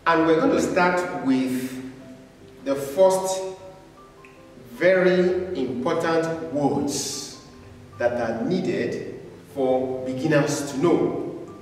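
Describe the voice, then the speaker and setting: A man's voice: a little high, soft background music. A man teaching a beginners' German class, speaking patiently and repeating each word for learners to say after him. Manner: patient, repetitive, drawn-out words. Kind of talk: slow classroom lecture with repeat-after-me drills. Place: classroom with a board. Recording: echoey hall, voice from far off.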